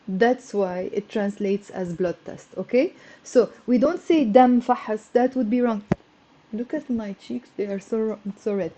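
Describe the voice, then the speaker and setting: Woman, Arabic teacher, live-stream lesson, mellow voice, fairly high pitch, chatty and encouraging. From Lebanon. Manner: chatty and encouraging, greets viewers, drills words slowly. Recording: dull lo-fi stream audio.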